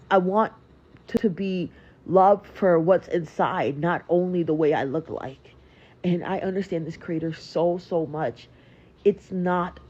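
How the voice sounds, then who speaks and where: A young woman speaks earnestly and emotionally, repeating her words for emphasis. Her voice is husky and mellow, slightly low. The clip sounds dull and lo-fi. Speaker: social media creator.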